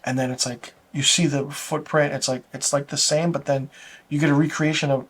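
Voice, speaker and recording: A man's voice: a little high, level tone, a little fast, a bit bright, slightly rough. Man rambling through a show recap. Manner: rambling, loose retelling with restarts and chuckles. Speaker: TV episode reviewer. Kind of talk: casual plot recap.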